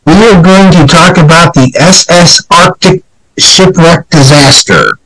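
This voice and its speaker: A man hosting a podcast in casual chat, halting with fillers while fighting the flu. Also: fairly high pitch, big pitch swings, a bit bright, dry recording, low-quality recording. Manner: halting, many fillers and restarts. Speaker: podcast host.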